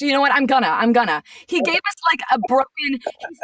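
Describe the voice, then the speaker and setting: A woman voice actress in a casual chat, telling stories in an animated, exasperated way. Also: on the high side, brisk, no echo, far from the mic. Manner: animated storyteller, gets sassy and exasperated. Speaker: voice actress guest.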